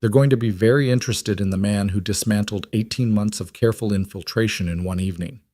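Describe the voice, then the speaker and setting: A man voicing a female colonel, crisp, controlled and commanding, with his own fairly low voice. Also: quick pace, a little mellow, no echo, lightly acted. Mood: cool commanding. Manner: cool, clipped, controlled.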